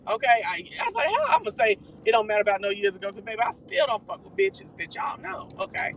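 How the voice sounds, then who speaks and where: Live streamer gossiping from the car, bright punchy voice, quick and salty. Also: medium pitch, a little hiss or hum, low-quality recording. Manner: animated, profane, quick-talking. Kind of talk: casual gossip recap. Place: car while driving.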